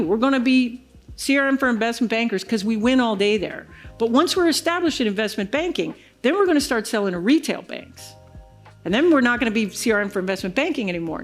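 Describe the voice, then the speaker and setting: With faint music behind her, a keynote speaker with a fairly high voice talks briskly from a big conference stage. Her business story comes alive as she performs the quoted dialogue of the other people involved.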